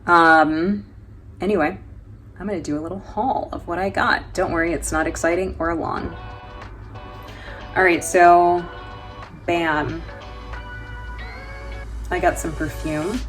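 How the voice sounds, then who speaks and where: An American woman from New York talks through her travel finds in a relaxed vlog. Her voice sits low and she takes her time, joking, laughing and filling pauses with ums, over faint background music. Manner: chatty and joking, laughs often, many fillers. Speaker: travel vlogger. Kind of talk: casual vlog chat.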